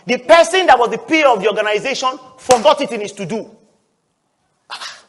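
A male pastor, preaching a lively sermon, often laughing and breaking into shouts. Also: extremely high pitch, brisk, slight background noise.

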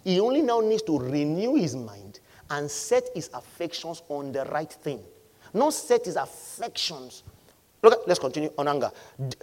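A man preaching in a high, bright-toned voice that leaps across a wide range. He moves between loud exclamations and hushed asides. He keeps calling on the church to answer back. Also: sing-song, moderate pace. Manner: calls for congregation responses. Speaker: pastor. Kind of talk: sermon.

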